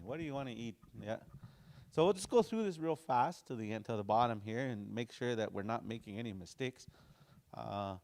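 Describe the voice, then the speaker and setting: A man teaching a language class, slowly repeating phrases to drill pronunciation, with casual, folksy explanations. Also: mid-range voice, gravelly, darkish tone.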